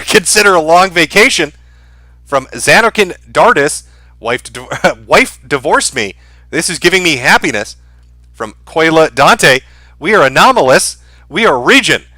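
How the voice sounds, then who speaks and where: A man's voice: fairly high pitch, pushed and bright, no echo. A man hosting a livestream, reading out viewer donation messages and answering each with dry, sarcastic remarks. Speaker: livestream host.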